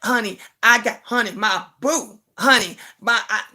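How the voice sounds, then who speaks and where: Bright-voiced older woman chatting to viewers. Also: fairly high pitch, measured pace. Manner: talks straight to her audience, repeats herself, speaks with feeling. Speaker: YouTube live-stream host. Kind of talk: emotional casual live chat to viewers.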